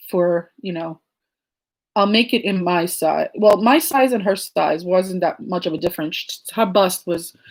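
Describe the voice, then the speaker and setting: A woman in her late thirties telling a story in a casual vlog chat. She talks in a rambling, digressive way with lots of fillers, and her tone is soft and reflective. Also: on the low side. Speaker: crochet and knitting vlogger.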